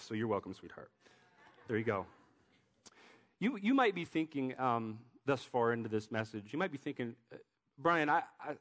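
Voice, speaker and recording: A man's voice: medium pitch, fairly bright tone. A man giving a sermon as a pastor, talking in a loose, joking way with many restarts.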